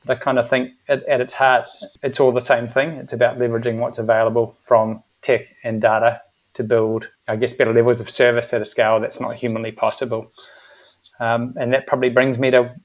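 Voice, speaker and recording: The guest in a casual interview is a middle-aged managing director of an agency, with a New Zealand accent and a mid-range voice. He speaks evenly and in a measured way, with frequent ums.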